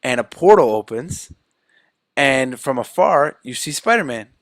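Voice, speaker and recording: A man's voice: mid-range voice, unhurried, no room sound. A man co-hosting a podcast, retelling a film scene by scene and acting out the characters' lines in a casual chat. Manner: animated retelling, acting out quotes. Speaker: podcast co-host.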